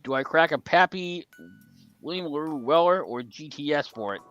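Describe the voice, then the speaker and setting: A man's voice: fairly high pitch, moderate pace, a bit bright, smooth, lo-fi sound, faint music behind. A man in his forties co-hosting a casual live stream, chatting loosely, swearing freely and laughing often. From Australia. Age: 40s. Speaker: co-host of a whisky live stream. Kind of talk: casual chat.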